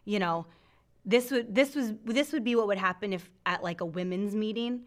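A woman's voice: medium pitch, moderate pace. A middle-aged woman hosting a faith show, teaching from the Bible with lots of laughter and acted-out voices. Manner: laughs often, acts out scripture voices. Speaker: faith podcast host.

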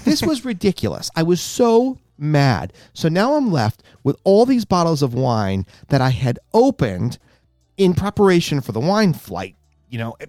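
A man telling a long personal story in casual chat, animated and exasperated, growing indignant as he goes. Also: fairly high pitch, unhurried, no echo, clean studio sound. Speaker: guest storyteller.

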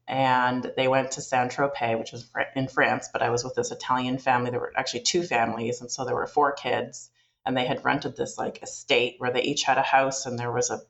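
Her very deep voice comes through with the highs cut off as she sits for a relaxed interview. This Canadian guest wanders through anecdotes, restarting often and leaning on fillers.

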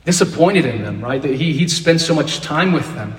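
A man's voice: fairly high pitch, expressive, normal speed. A man leading an interactive Bible lesson, asking the class questions and repeating key phrases. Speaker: Bible teacher. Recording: roomy echo, distant mic.

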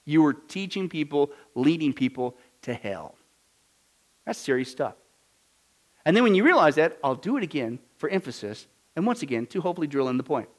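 A man preaching a sermon with emphatic swings between loud declarations and quiet asides, often throwing rhetorical questions to the congregation. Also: on the high side, sing-song, fairly quick. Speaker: pastor.

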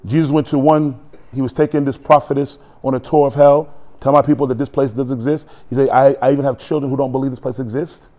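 A man preaching a sermon in a church, animated and joking, acting out quotes as he goes. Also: medium pitch. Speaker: pastor.

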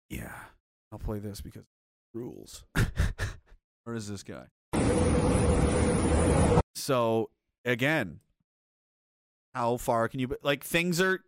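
A man's voice: medium pitch, vocal fry, a bit bright. A man giving casual, rambling commentary as a streamer, swearing freely, chuckling often and restarting his sentences. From North America. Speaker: streamer reading chat.

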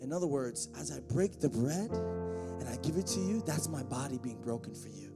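A man preaching a sermon, joking with the congregation and swelling into shouted, half-sung passages. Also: mid-range voice, animated, normal speed. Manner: joking asides to the band and congregation. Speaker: pastor. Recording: faint music behind.

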